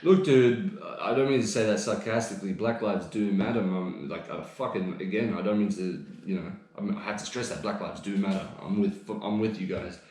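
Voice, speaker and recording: A man's voice: fairly low pitch, fairly quick, hardly any pauses, a little mellow. An Australian man co-hosting a podcast, ranting heatedly and swearing freely in casual chat. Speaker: podcast co-host. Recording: echoey room.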